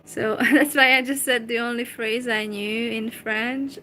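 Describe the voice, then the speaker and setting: A Hungarian woman talking to camera in English with a Hungarian accent, replying to a viewer slowly and hesitantly, with many fillers. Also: a little high, steady tone, sharp tone, a little hiss or hum, poor audio. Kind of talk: casual talk to camera.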